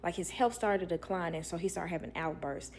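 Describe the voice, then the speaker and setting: A young woman who works as a nanny, telling a work story to viewers in a blunt, animated way. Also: lowish voice, fairly quick, a little hiss or hum. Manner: blunt, animated, acts out others' lines.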